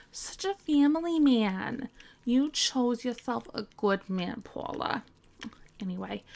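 A giggly, bossy young woman, played by a woman, in an audio role-play. She teases and scolds in mock disgust. Her speech is slow and her voice sits a little high. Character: teasing, bossy young woman on a phone call.

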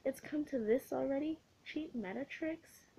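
A woman's voice: high voice, unhurried, mellow, pitched above the performer's own voice, low-quality recording. A woman voicing a laid-back young male friend who makes dry remarks.

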